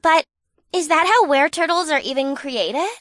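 Earnest young woman, very high and anxious; male narrator voicing her. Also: normal speed, fairly bright tone, dry recording, clean studio sound. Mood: worried. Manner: worried, questioning.

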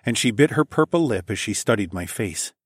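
A man narrating an erotic audiobook in a soft, intimate, often hushed voice. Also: fairly low pitch, expressive, fairly quick, breathy edge, dry recording, studio quality.

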